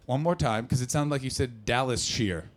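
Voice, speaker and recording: A man from Canada doing brash, profane stand-up crowd work, often jumping into loud shouted voices. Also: mid-range voice, moderate pace. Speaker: stand-up comedian. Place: comedy club with audience.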